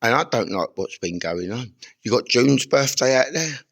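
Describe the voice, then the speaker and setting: A man's voice: mid-range voice, animated, moderate pace, gravelly, a bit bright. A man giving an intense, rambling, confrontational monologue outdoors in a churchyard. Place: outdoor churchyard among graves.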